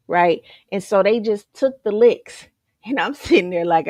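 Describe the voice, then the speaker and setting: A woman coaching a group in a lively motivational talk, full of rhetorical questions and repeated calls to "you guys.". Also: mid-range voice, normal speed, no echo. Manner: energetic, repetitive, rhetorical questions, keeps saying "you guys".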